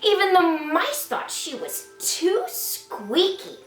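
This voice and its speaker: Woman storyteller for a children's read-aloud, playful and unhurried, roomy sound with faint music under her. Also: very high voice, wildly swooping pitch, fairly bright tone, distant mic. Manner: slow, sing-song and playful, invites kids to join in. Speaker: children's author reading her picture book.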